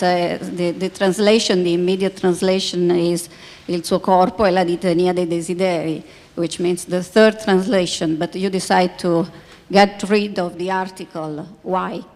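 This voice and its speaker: A woman audience member asking a question, hesitant with many pauses. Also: lowish voice. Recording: reverberant hall.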